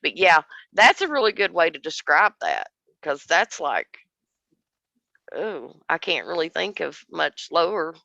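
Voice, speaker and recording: A woman co-hosting a casual podcast chat, animated and laughing often, with restarts as she thinks aloud. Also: low-pitched, measured pace, vocal fry, dry recording, muffled recording. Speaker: podcast co-host.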